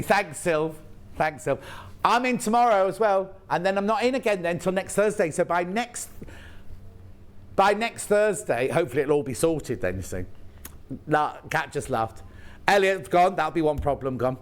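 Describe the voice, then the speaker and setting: A man's voice: fairly high pitch, expressive, normal speed. A man presenting on a live TV shopping channel in a TV studio, chatting and rambling with jokey asides while he sells. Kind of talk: live TV sales chat.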